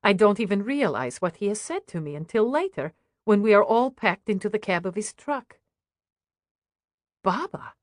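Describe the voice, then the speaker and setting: A woman reading an audiobook in a hushed, grave first-person voice. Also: medium pitch, sing-song, a little fast, dry recording, studio quality. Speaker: audiobook narrator. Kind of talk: scripted audiobook narration.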